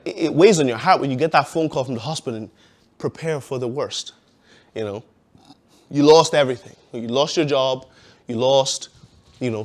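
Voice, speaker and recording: A man giving a personal testimony in a casual, conversational way, with many "you know"s and frequent laughs. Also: fairly high pitch.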